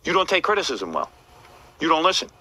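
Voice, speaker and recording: A man's voice: fairly high pitch, huge pitch swings, fast talker, sharp tone, poor audio. A man hosting a radio show, lecturing a staff member in a blunt, repetitive way.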